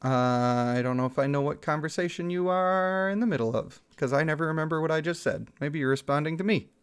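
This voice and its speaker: A man's voice: on the high side, lively intonation, brisk, clear, resonant tone. A man in his thirties chatting casually on a livestream, reading out chat messages and laughing often. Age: 30s.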